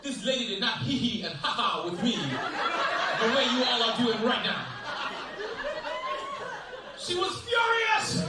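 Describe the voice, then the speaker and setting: A man performing a stand-up comedy set on stage, animated, acting out voices and shouting his punchlines. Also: very high-pitched, slow, long pauses, distant mic, a loud crowd. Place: large hotel ballroom, stage. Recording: loud echoey ballroom, heavy noise.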